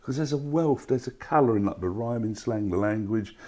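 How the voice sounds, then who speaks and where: A man's voice: medium pitch, animated, brisk, mellow. An older man with a Cockney accent, speaking as a guest in passionate, emphatic and down-to-earth chat in a live studio. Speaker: festival organiser guest. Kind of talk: passionate talk-show chat.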